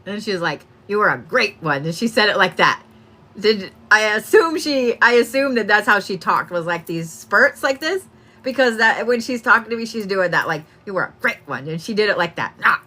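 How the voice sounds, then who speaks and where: Young woman, medium, casual, laughs a lot, swears, crisp bright voice. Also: medium pitch, lively intonation, moderate pace. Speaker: psychic medium. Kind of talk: live-stream reading.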